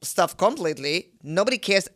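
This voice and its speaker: A woman's voice: lowish voice, sing-song, moderate pace, fairly bright tone. A woman from Germany with a German accent, telling stories easygoingly as a podcast guest. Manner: easygoing storyteller, matter-of-fact. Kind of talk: casual chat.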